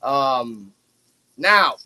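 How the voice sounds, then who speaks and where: A man hosting a casual wrestling review podcast, talking in an animated way and acting out the wrestlers' lines. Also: mid-range voice, extremely slow, low-quality recording. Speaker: podcast host.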